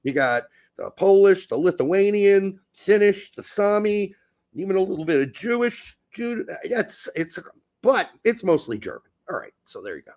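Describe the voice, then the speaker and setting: A man's voice: high-pitched, very animated, moderate pace, a little mellow. A man co-hosting a casual podcast chat, joking around, laughing often and wandering into rambling asides. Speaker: co-host.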